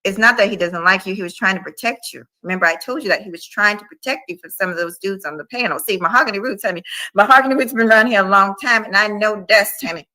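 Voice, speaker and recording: Bright-voiced woman hosting a stream. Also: mid-range voice, fast talker, hardly any pauses, low-quality recording. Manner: chatty, addresses viewers as y'all. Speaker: livestream host. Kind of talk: casual livestream chat.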